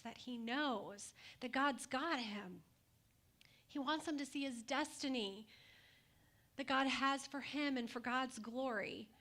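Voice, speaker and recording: High, bright-voiced woman pastor preaching. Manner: conversational, asks the congregation rhetorical questions with light humor. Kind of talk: sermon.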